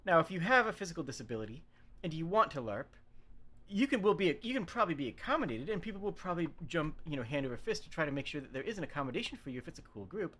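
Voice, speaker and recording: A man hosts a relaxed livestream and explains games to his chat. His voice sits a little high and swings up and down a lot. He talks in a loose, rambling way, often stopping to correct himself or add an aside. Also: racing. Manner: chatty, explanatory, frequent self-corrections and asides. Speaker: streamer host.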